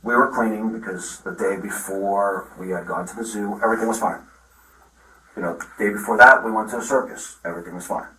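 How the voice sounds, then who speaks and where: A middle-aged father telling the police a long, halting account with many restarts, recorded on a body camera. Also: on the low side, pushed and bright. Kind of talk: recounting events in a conversation. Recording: roomy, from far off the mic.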